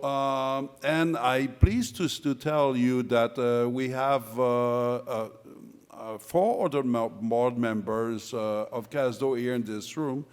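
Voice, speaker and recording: A man's voice: medium pitch, a little mellow. French-accented man speaking in a hall. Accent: French Canadian. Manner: halting, joking, many uh fillers. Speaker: conference speaker, board chair. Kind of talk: conference presentation. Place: large conference room. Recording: long reverb of a hall.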